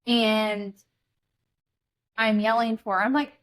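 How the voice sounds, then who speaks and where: A young adult woman co-hosting a podcast, telling a wild story in casual chat, blunt and animated, swearing freely. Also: on the high side, slow pace. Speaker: podcast co-host.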